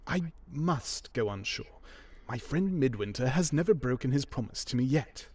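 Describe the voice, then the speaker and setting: A man reading an audiobook, voicing an earnest, trusting young gentleman. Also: mid-range voice, animated, normal speed, no room sound, close to an everyday voice. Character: naive cheerful young gentleman.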